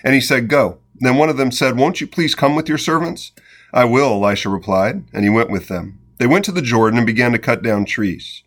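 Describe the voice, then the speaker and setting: A man reading scripture aloud in an unhurried, reflective way, pausing for short spontaneous comments and prayer. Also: medium pitch, animated, a bit bright. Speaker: devotional Bible reader. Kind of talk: scripture reading with devotional asides.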